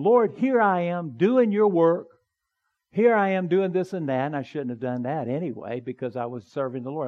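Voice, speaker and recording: A man's voice: mid-range voice, darkish tone, highs cut off. A middle-aged man preaching a sermon in a conversational way, often checking in with "okay?" and "right?".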